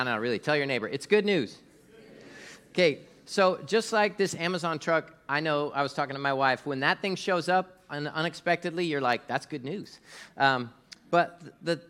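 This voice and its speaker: A middle-aged man preaching in a loose, conversational way, with plenty of filler words and asides to the congregation. His voice sits in a middle pitch, and his delivery swings between quiet and emphatic. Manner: conversational, with fillers and audience prompts. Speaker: pastor. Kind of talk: sermon.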